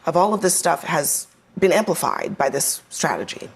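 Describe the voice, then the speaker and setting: A woman's voice: low voice, sing-song, moderate pace, creaky, slightly rough. A woman news anchor presenting and then chatting with panelists.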